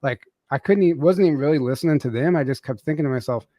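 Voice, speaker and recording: A man's voice: a little high, quick pace, warm tone, no room sound, clean studio sound. A man telling a personal story as a podcast guest, casually, with many fillers and restarts.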